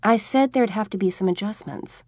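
A woman's voice: medium pitch, moderate pace, a little mellow, no echo, clean studio sound, natural voice. A woman voicing a young female vampire who is wry, teasing and dryly amused in an audiobook.

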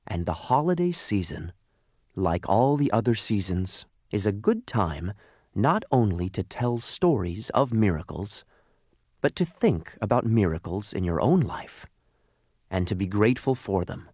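A man narrates a story in a low, warm voice. His delivery is gentle and reflective, with lively pitch movement. The sound is dry and close, as in a studio. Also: a little slow, breathy edge, dry recording. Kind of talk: scripted narration.

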